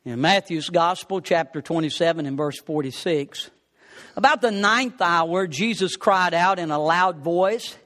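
A man preaching a sermon, swinging between rising exclamations and low, quiet asides. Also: measured pace. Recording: long hall reverb.

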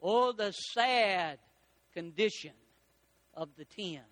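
A man preaching a folksy sermon, rising to loud peaks and slowing down for emphasis. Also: high-pitched, animated, dry recording. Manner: folksy preaching with dramatic rises and slowed emphasis. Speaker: pastor.

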